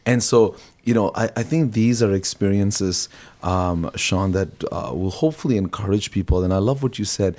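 A man with a low voice hosts a relaxed interview. He warmly affirms what his guest shares and then moves things along with open questions. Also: moderate pace. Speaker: interview host. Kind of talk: casual interview.

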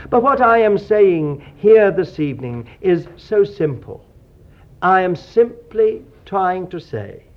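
A man preaching a sermon in an earnest, digressive way, often calling his listeners dear child of God. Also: a little high. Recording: dull lo-fi sermon recording.

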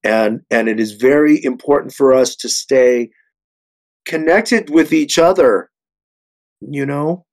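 Earnest halting man in his sixties. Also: medium pitch. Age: 60s. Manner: earnest, halting with many repeated words. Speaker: actor, panel guest. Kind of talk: panel discussion.

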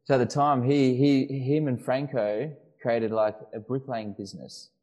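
A man's voice: medium pitch, fairly even intonation, moderate pace, mellow, dull audio. A man co-hosting a casual podcast, telling a long story with many restarts and fillers. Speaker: podcast co-host. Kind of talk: casual chat.

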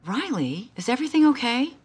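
A woman's voice: a little high, big pitch swings, brisk, a little mellow, breathy edge. An actress playing a cheerful mother who coaxes her daughter in an upbeat way.

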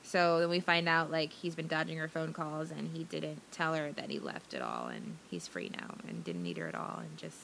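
Woman co-host, casual movie recap, rambling and giggly, bright tone. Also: low voice, lively intonation, moderate pace, vocal fry, few pauses, a little hiss or hum. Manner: rambling, chatty, giggly, many fillers. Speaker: podcast co-host.

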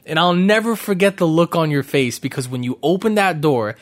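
A man hosts a relaxed conversation, talking quickly and chattily. His sentences stop and restart with plenty of ums as he works through his questions. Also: on the high side. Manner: rapid, chatty, frequent ums and self-corrections. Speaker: podcast host. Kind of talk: casual conversational interview.

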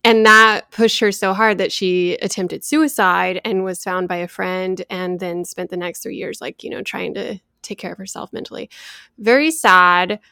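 A woman's voice: medium pitch, steady tone, moderate pace, gravelly, bright, forceful tone, clean tone, dry recording, studio quality. A woman co-hosting a casual pop culture chat, talking loosely with many fillers. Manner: chatty, lots of "like" fillers. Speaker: podcast co-host.

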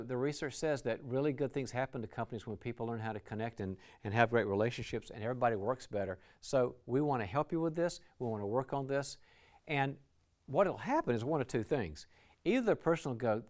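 Guy giving a talk about team relationships, upbeat, acts out little conversations, mid pitch. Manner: enthusiastic, acts out short dialogues. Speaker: leadership speaker. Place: lecture venue.

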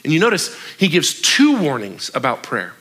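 A young adult man preaching a sermon as a pastor, conversational and joking, with quick asides. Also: a little high, wildly swooping pitch, pushed and bright, breathy edge.

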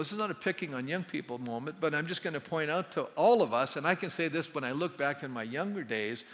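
Conversational pastor in a reverberant hall. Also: male voice, on the high side, fairly bright tone. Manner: conversational, asks the congregation questions. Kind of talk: sermon. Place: church sanctuary. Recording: long church hall reverb.

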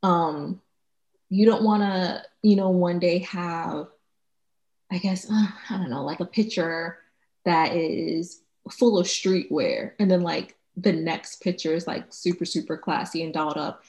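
A woman co-hosting a casual podcast chat, laughing often and animated when she acts out what others say, recorded at home. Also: lowish voice, a little slow, roomy sound. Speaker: podcast co-host. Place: home with traffic noise outside.

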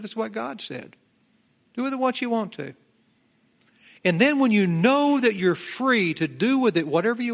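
A middle-aged male pastor with a high voice teaches a Bible passage verse by verse. He is emphatic, drawing out key words and putting rhetorical questions to the congregation.

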